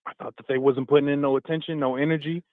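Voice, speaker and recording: A man calling in to a talk show, hesitant and halting, full of fillers. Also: fairly high pitch, flat delivery, dry recording. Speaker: caller. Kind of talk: phone-in call. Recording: tinny phone line.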